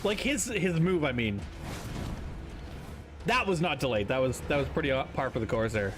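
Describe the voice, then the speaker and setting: A man streaming a game, chatting casually with viewers and telling animated stories, swearing freely. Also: mid-range voice, normal speed, music in the background. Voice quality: profane, animated storytelling. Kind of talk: casual gameplay chat with viewers.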